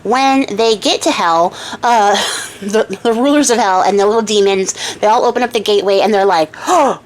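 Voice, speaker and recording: A woman's voice: mid-range voice, moderate pace. A young woman casually retells a folktale for her craft channel. She talks in a chatty, giggly way, full of fillers and restarts, with a mid-range voice. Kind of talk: casual storytelling.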